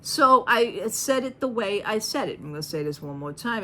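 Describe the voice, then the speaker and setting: A woman's voice: medium pitch, moderate pace, few pauses, a little hiss or hum. A middle-aged woman chatting in a casual storytime vlog, retelling a store visit with sarcastic asides. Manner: chatty, animated retelling, acting out the people in her story. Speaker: vlogger.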